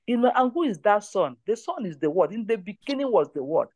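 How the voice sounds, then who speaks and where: A woman's voice: medium pitch, big pitch swings, a little fast, darkish tone, no room sound. A woman leads a prayer line, giving testimony and exhortation in an emphatic, repetitive way. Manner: emphatic, repeats phrases.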